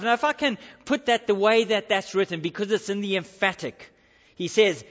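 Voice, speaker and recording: A man's voice: high voice, animated, brisk, fairly bright tone. A male pastor preaching a sermon in church, emphatic and repeating his key phrases. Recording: dull recording with long hall reverb.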